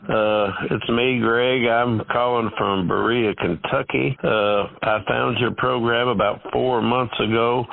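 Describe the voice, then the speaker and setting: A man calling a radio show, speaking in a friendly, halting way with many fillers. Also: fairly low pitch, vocal fry, dry recording. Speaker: caller. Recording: tinny phone voicemail line.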